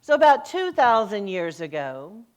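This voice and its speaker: Woman preaching with lively storytelling. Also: mid-range voice, a little slow, clean tone. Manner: lively storytelling, voice rising and falling, acts out quoted lines. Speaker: senior minister. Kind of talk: sermon.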